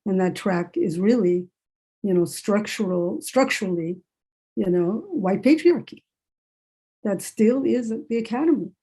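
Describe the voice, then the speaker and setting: A woman writer and professor speaking in a relaxed, conversational way during a panel discussion. Her voice sits mid-range with a warm, mellow color. She repeats phrases to drive a point home, heard over a video call. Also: mid-range voice, measured pace, slightly rough.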